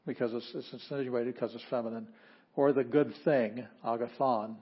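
A man teaching a language class, explaining patiently with frequent pauses and fillers. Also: mid-range voice, steady tone, breathy edge, dull audio. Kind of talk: classroom lecture.

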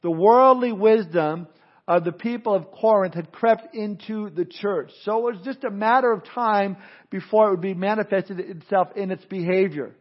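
A man's voice: high-pitched, normal speed, dull audio. A man preaching as a pastor, often repeating words and restarting as he goes. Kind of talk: sermon.

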